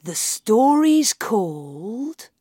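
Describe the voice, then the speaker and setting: A woman presenting a children's program, singing and speaking in a slow, gentle, sing-song way. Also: on the high side, big pitch swings, dry recording, clean studio sound.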